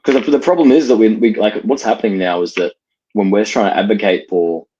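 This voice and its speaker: A young man, arguing in a heated casual debate, talking fast with many restarts and fillers. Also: lowish voice, warm tone, muffled recording, a little hiss or hum. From Australia. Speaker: debate participant.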